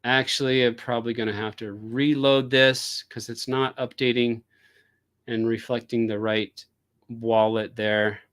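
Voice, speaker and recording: A man hosts a casual live stream, chatting at a middle pitch. He rambles and fills pauses with lots of fillers and restarts. He talks into a desk microphone. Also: little pitch movement, a bit bright, clear, resonant tone. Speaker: crypto live stream host.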